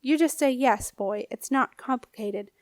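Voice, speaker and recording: A woman's voice: a little high, moderate pace, dry recording, clean studio sound, natural voice. A woman reading an audiobook, voicing a scornful, menacing old male ghost with a snappish, growling manner. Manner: sneering, bullying.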